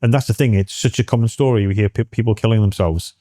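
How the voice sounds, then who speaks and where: A middle-aged man from the UK, speaking earnestly and haltingly as an interview guest, with many restarts. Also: on the low side, steady tone, mellow, no room sound, clean studio sound. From United Kingdom. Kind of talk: candid personal interview.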